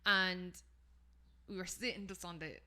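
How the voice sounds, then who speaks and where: A young Irish woman with a Dublin accent, co-hosting a casual podcast chat and telling lively family stories. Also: on the low side, measured pace. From Ireland. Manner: animated storyteller who acts out family voices. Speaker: podcast co-host.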